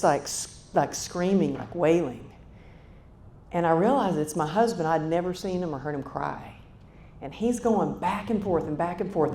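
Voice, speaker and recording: A woman in her fifties giving a motivational keynote, telling a story in a chatty way and talking straight to the audience. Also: dark tone. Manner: conversational, addresses the audience directly. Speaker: keynote speaker. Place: conference hall stage. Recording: echoey hall with faint rumble.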